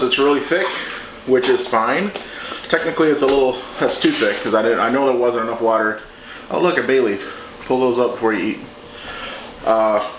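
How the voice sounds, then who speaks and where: A man hosting a home cooking show, talking through a recipe in a relaxed, chatty way as he works in his kitchen. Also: mid-range voice, noisy background. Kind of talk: casual cooking demonstration. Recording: echoey kitchen with clattering dishes.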